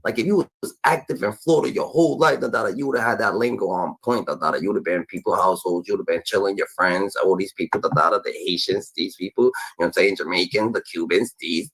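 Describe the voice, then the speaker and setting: A man's voice: low-pitched, fast, fairly bright tone, rough recording. A man giving casual reaction commentary, rambling and filling gaps with repeated "da, da, da" and stammered starts.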